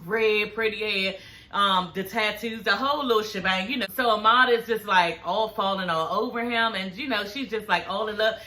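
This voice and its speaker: A woman's voice: medium pitch, moderate pace, sharp tone. A woman in her forties recapping a reality show in casual chat, sassy and profane, calling her viewers honey and girl. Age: 40s.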